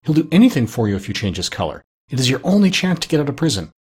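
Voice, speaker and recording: A man reading an audiobook, voicing a shrewd, bossy female parrot in a raised, breathy voice, hushed and impatient. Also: mid-range voice, big pitch swings, very fast. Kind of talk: audiobook character voice.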